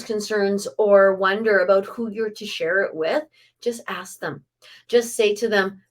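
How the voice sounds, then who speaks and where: A middle-aged woman working as a psychic medium talks through a live reading for viewers in a mid-range voice. She passes along messages and tosses in quick asides.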